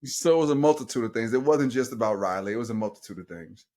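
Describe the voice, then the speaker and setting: A middle-aged man hosts a laid-back podcast as a life coach, calling his listeners y'all. He talks fast at a medium pitch, animated and full of slang.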